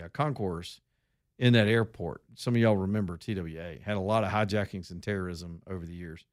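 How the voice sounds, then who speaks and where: A middle-aged Southern man with a lowish voice tells a story on his radio talk show. He rambles along in a folksy way and talks to his listeners as y'all. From Alabama, US.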